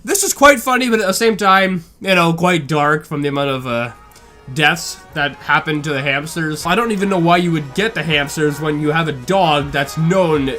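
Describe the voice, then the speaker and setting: Bright-voiced man reacting to a video. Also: a little high, normal speed, faint music behind. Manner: chatty, laughs along, asks questions. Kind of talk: casual reaction commentary.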